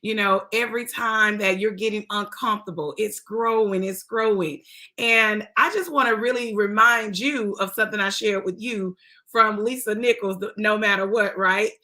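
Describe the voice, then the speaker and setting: A woman's voice: mid-range voice, fairly even intonation, normal speed, sharp tone. A woman hosting a talk show, speaking with an effusive, preacher-like cadence and strong emotion.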